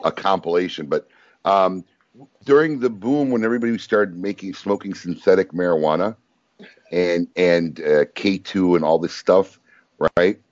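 A man's voice: low voice, moderate pace, dry recording. A man hosting a casual talk show, telling stories with lots of energy and frequent laughter. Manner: animated storyteller, laughs often. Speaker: host. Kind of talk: casual chat. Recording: dull lo-fi sound.

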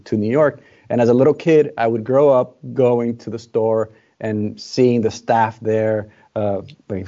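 A young man with a mellow, warm tone tells rambling stories in a casual chat. He often stops and restarts his sentences. The recording sounds a little dull. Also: medium pitch. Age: young adult.

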